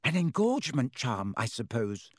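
A man's voice: mid-range voice, sing-song, moderate pace, husky, no echo, clean studio sound. A man voicing a clever young female student, prim and dryly amused. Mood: wry.

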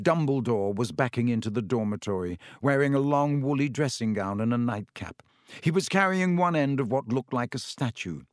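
A man narrating a story aloud as an audiobook, in an expressive storytelling manner. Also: medium pitch, no echo, clean studio sound.

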